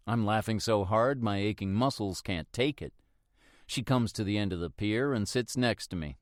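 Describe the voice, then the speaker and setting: A man narrating a first-person mystery audiobook in a steady, reflective manner. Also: fairly low pitch, normal speed, dry recording, clean studio sound.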